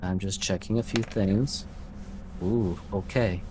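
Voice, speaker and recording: Male game master, low voice, unhurried narration, light background hiss. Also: steady tone.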